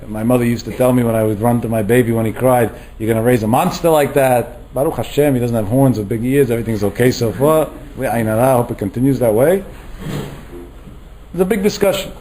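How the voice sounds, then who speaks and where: Mellow-voiced male Torah lecturer. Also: mid-range voice, fairly quick, a little hiss or hum, rough recording. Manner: animated, acts out quoted voices. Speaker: rabbi lecturer.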